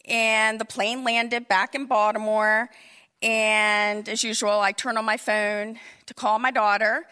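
A woman in her fifties with a high, bright voice tells a personal story, unhurried and animated. She spins the tale with comic asides and a storyteller's flair. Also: clean tone.

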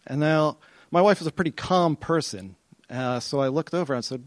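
A middle-aged man telling a personal story to an audience, animated and excited, often repeating himself as he goes. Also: a little high, moderate pace, dry recording. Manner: animated, excited retelling with self-interruptions and repeats.

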